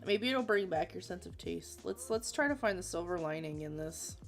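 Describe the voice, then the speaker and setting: A woman's voice: on the low side, animated, moderate pace, soft background music. A woman in her thirties from Florida, chatting casually on a livestream while drawing, reading chat aloud and laughing often. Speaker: livestream artist host.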